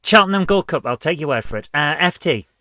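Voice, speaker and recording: A man's voice: a little high, expressive, fast, pushed and bright, no room sound. A man hosting a retro gaming channel, reading quiz questions aloud and chatting casually as he guesses the answers. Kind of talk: casual let's-play commentary.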